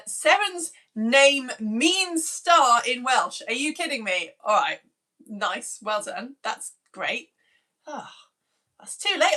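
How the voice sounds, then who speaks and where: This UK teacher in her thirties has a slightly high, bright voice with a forceful tone. On a live stream she reads viewer messages aloud, greeting children by name with bubbly self-mockery.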